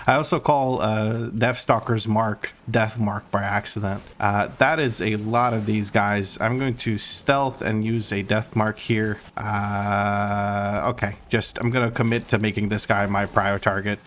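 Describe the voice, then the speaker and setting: A man's voice: lowish voice, a bit bright, a little hiss or hum. A man hosting a gaming channel, recapping runs and commenting live on his gameplay in a casual, chatty, self-deprecating way with frequent fillers.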